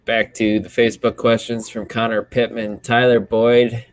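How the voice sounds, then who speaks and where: A man's voice: mid-range voice, level tone, moderate pace, no room sound. A man co-hosting a podcast, easygoing, reading listener questions out plainly. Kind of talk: casual sports chat.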